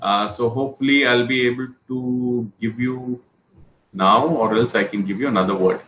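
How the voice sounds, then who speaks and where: A male trainer explaining English words in an online class, repeating each word and giving example sentences in an encouraging way, with many pauses and restarts. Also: medium pitch, a bit bright, roomy sound, a little hiss or hum, low-quality recording. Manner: frequent fillers and restarts, encouraging.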